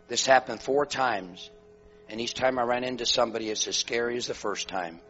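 A man preaching a sermon, moving from loud exhortation to hushed, quiet storytelling. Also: lowish voice, moderate pace, breathy edge. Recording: dull lo-fi recording with faint music and mains hum.

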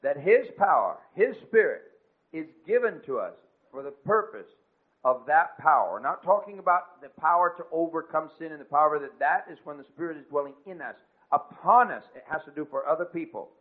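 A man preaching a sermon, rising to emphatic peaks and dropping to quiet asides. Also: fairly high pitch, animated, normal speed. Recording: tinny phone-like lo-fi recording.

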